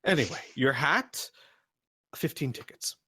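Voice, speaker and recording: Man playing a theatrical, excitable shopkeeper who turns from grand proclaiming to pushy haggling. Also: mid-range voice, a little slow, slightly rough, pitched above the performer's own voice, full character voice. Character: excitable male market shopkeeper who believes in a prophecy.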